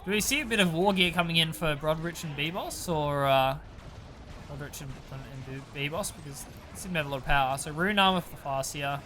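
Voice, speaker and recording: A man co-commentating a strategy video game in an easygoing, casual way, quick to laugh. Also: a little high, pushed and bright, slight background noise.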